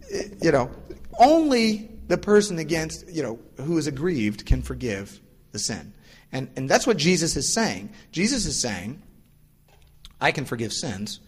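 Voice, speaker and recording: A male pastor giving a casual, explanatory sermon. He acts out the voices of the people in his stories. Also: husky. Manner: casual and explanatory, acts out quoted voices with lively pitch jumps. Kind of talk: conversational sermon. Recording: long reverb of a large hall.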